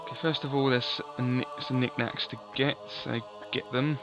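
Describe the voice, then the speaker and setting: A man's voice: medium pitch, level tone, moderate pace, lo-fi sound, over music. A man giving chatty, offhand let's play commentary, often correcting himself. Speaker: gaming commentator.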